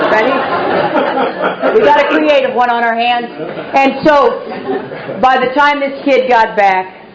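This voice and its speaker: A middle-aged woman from Texas giving a personal recovery talk, candid and wry, poking fun at herself as she tells her story. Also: fairly high pitch. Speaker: recovery meeting speaker. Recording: roomy, dull live recording.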